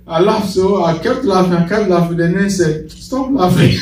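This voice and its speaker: A man preaching a sermon with call-and-response and bursts of laughter. His fairly high voice rings through a very echoey church hall. He is picked up from a distance. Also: darkish tone. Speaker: pastor.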